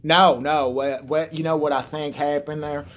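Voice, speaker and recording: A man's voice: on the high side, level tone, moderate pace, fairly bright tone. A man ranting on his vlog in a rambling, sarcastic and profane way. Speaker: vlogger. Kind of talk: rambling satirical rant.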